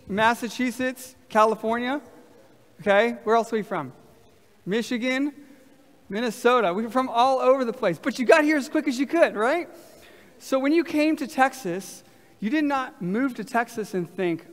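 High-voiced preacher in a reverberant hall. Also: male voice, moderate pace. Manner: lively, talks with the congregation. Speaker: pastor. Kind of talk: sermon. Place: large church hall.

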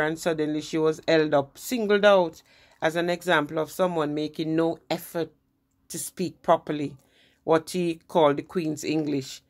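A woman giving an informal history lesson in a conversational way, often restarting phrases. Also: sits low. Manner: conversational, with frequent restarts and "you know". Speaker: presenter.

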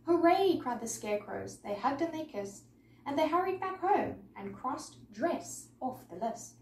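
Lady reading a rhyming kids book, bouncy sing-song voice, highish, echoey room. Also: a little slow, vocal fry. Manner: lively, sing-song rhythm. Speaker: storyteller. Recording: echoey room, mic far off, faint noise.

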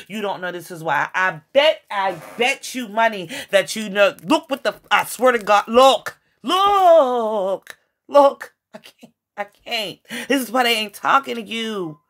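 A woman with a medium-pitched voice gives her viewers a casual tarot reading, addressing them directly. She's excitable and swears often.

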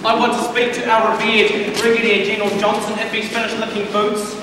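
A man's voice: high voice, flat delivery, a little fast, lightly acted. A young man with a New Zealand accent playing a blunt, furious army colonel who barks and swears down a field telephone in a school stage play. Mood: barking. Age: young adult. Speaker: stage actor. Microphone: distant audience recorder. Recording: echoey hall from far off, faint hiss.

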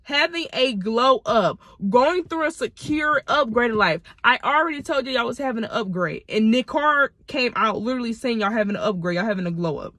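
A woman's voice: fairly high pitch, lively intonation, a little fast, few pauses, fairly bright tone, no room sound, studio quality. A woman in her twenties from Michigan, doing a casual tarot reading, blunt and profane, talking to viewers as y'all while she is sick. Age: 20s. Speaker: tarot reader.

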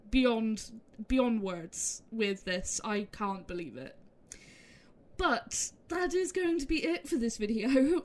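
Emotional rambling woman gamer. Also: fairly high pitch. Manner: rambling, halting, repeats herself. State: emotional, close to tears. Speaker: gaming content creator. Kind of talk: emotional video outro.

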